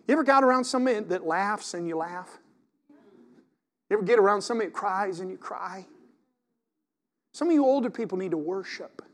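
Middle-aged man, pastor, high-pitched and animated, reads scripture and preaches with swings from loud to soft. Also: normal speed, long reverb tail. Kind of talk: sermon.

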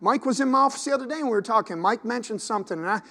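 A male preacher races through a sermon with an extremely high, expressive voice that sounds pushed and bright. He reads scripture, questions his congregation, and repeats words while restarting sentences.

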